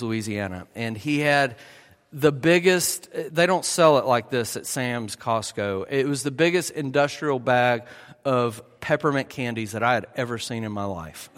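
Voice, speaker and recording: A man preaching a sermon in a conversational way, often checking in with his listeners with a quick "right?". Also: mid-range voice, fairly bright tone. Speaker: pastor. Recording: long hall reverb.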